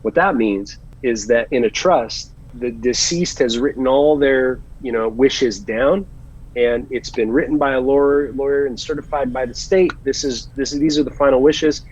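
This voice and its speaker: A man, an actor, chatting as an interview guest, telling animated stories and giving earnest advice. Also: medium pitch, moderate pace, slightly rough, lo-fi sound. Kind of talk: casual interview chat.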